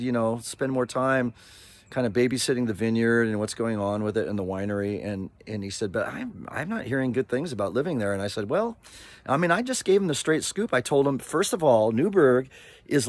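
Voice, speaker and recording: Man, sixties, from Oregon, casual vlog, rambling, very lively pitch. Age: 60s. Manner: animated, rambling, with frequent asides and laughs. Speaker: vlogger.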